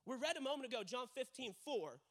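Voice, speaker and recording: A man's voice: very high voice, animated, quick pace, fairly bright tone. A young man preaching a sermon as pastor, telling stories and acting out quotes with emphatic repetition.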